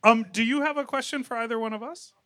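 A man's voice: very high-pitched, fast talker, no echo, clean studio sound. A man hosting a live podcast, tossing off playful quips. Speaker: podcast host. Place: live show at a poolside venue. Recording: loud background noise.

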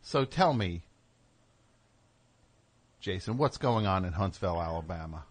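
A man's voice: low voice, lively intonation, unhurried. A man hosting a call-in radio show, teasing and ribbing his caller in casual chat.

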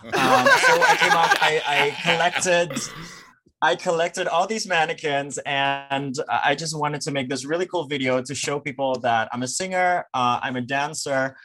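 Bright-voiced Dutch man chatting eagerly. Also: a little high, big pitch swings, measured pace. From Netherlands. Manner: eager, talkative, many fillers. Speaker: podcast guest, drag performer. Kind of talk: casual chat.

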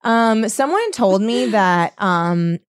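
An excitable woman co-hosting a podcast, laughing and swearing as she chats. Her voice is mid-pitched and recorded dry and close. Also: slow, no room sound. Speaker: podcast co-host. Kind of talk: casual chat.

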